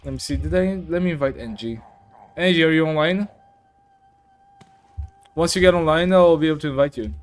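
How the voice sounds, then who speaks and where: A man's voice: a little high, brisk, long pauses, faint music behind. A man streaming a game, chatting casually, reading chat aloud and filling gaps with "like" and "uh". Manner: chatty, reads chat aloud, many fillers. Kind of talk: casual live-stream commentary.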